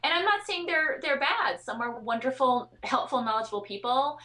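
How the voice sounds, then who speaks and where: A woman's voice: sits high, normal speed, pushed and bright. A woman speaking as a guest expert in a podcast interview, earnest and chatty, with frequent fillers and restarts. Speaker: guest expert on child sleep.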